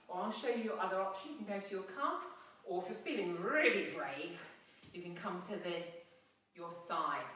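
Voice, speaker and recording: A woman's voice: mid-range voice, a bit bright, a little hiss or hum. A middle-aged woman guiding a family yoga class with playful, encouraging cues for a child. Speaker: yoga instructor. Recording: echoey room, mic at a distance.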